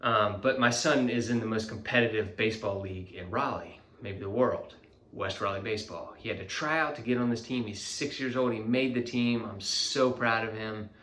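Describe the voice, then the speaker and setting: Self-mocking dad in an echoey room. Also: male voice, on the low side, normal speed. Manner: animated, self-mocking, acts out quoted voices. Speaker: vlogger. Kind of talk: confessional parenting vlog.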